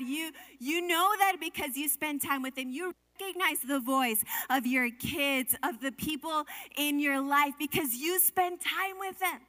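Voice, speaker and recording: A young woman delivers a sermon in a high, bright voice. Her delivery is earnest and chatty, with frequent asides and restarts. The sound carries a long reverb, as in a large hall. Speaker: preacher.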